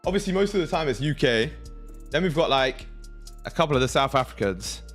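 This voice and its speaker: A man's voice: on the high side, expressive, fairly quick, fairly bright tone, faint music behind. A young man hosting a casual trading livestream, talking to his chat in a slangy, hyped way. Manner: slangy, hypes the chat, thinks aloud. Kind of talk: casual live-stream chat.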